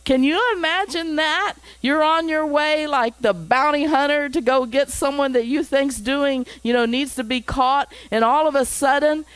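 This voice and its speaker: A woman's voice: high voice, moderate pace, hardly any pauses, no echo, low-quality recording. Chatty woman pastor teaching scripture. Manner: reads scripture with chatty asides and chuckles. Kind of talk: Bible teaching.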